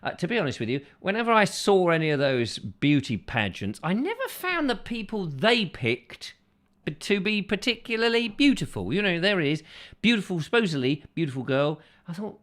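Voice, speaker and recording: A man's voice: high voice, big pitch swings, a little fast, a bit bright. A man hosting a casual live show, reading out viewer comments in a playful, rambling way full of jokes. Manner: playful and rambling, jokes and drifts into silly voices. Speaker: host.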